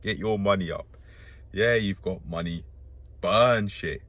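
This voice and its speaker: A man with a very low voice thinks out loud, drifting between ideas and swearing casually as he goes. He sounds as though he is talking to himself more than to an audience. He speaks from the seat of a parked car. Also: slow pace, no room sound, dull audio. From Britain. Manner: musing, profane, talks to himself and jokes. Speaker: vlogger. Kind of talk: rambling self-talk monologue.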